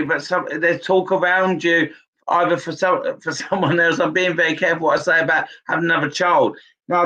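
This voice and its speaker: A man's voice: fairly high pitch, bright, forceful tone, highs cut off. A man giving spirit messages as a psychic medium, careful and hedging as he speaks. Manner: careful, hedging "I don't know if". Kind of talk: live spirit-message reading.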